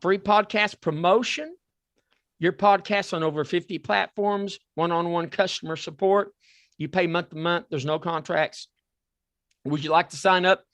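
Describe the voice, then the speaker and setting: A man with a Southern accent hosting a talk podcast, excitable and repeating himself as he pitches a sponsor. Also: normal speed, dry recording. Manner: excitable, repeats words and restarts. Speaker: podcast host. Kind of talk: casual chat with a sponsor plug.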